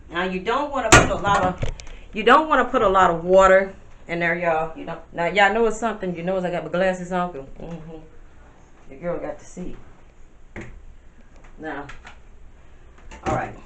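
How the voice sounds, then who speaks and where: A woman talks her viewers through a pot of soup, calling them y'all as she works at the stove. Her voice sits at a middle pitch and comes from some way off the camera mic. The kitchen sounds roomy, with plenty of background noise. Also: moderate pace, pauses often. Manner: chatty, addresses viewers as y'all, talks while working. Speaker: vlogger cooking at home. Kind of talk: casual cooking demonstration. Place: home kitchen. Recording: roomy, distant, noisy home video.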